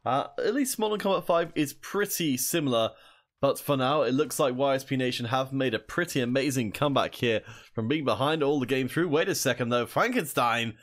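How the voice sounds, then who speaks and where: A young man with a medium-pitched, brisk voice casts a mobile shooter tournament on his own, chatting with viewers between plays. He's an esports caster doing solo commentary while reading chat.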